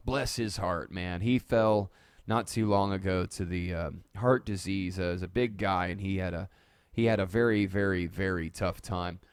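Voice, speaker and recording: A man's voice: low voice, unhurried, smooth, no room sound. A man hosting a casual live-stream monologue, rambling and jokey and poking fun at himself. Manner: rambling, jokey, self-mocking. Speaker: host. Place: dark home studio.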